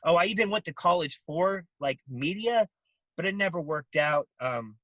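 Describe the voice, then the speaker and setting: Male guest, bright and slightly husky, energetic anecdotal delivery, dry room. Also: on the high side, moderate pace, dry recording, lo-fi sound. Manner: animated storytelling, acts out voices, many restarts. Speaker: interview guest. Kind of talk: casual interview.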